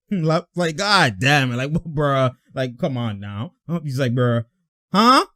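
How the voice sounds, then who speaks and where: A young man giving casual, excitable basketball reaction commentary, full of slang, frequent laughter and acted-out player banter. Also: sits high, takes it slowly. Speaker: sports reaction host.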